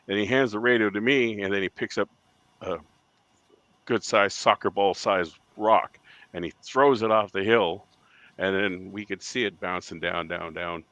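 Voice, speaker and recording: A man's voice: deep voice, pushed and bright, no echo. A man from the United States, a guest in an interview, telling a long story and acting out the voices of people in it. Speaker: guest, Bigfoot witness.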